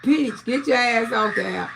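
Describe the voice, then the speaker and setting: A woman hosting a live stream, talking casually and trash-talking loudly, with frequent laughter. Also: a little high, a little slow, creaky, very noisy.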